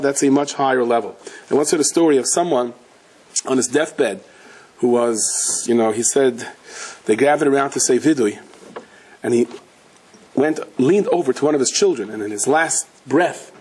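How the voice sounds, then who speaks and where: A man, a rabbi giving a Torah lecture, telling stories and acting out the people in them with big jumps in his voice. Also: slightly rough. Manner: animated storyteller, acts out quotes with big pitch jumps.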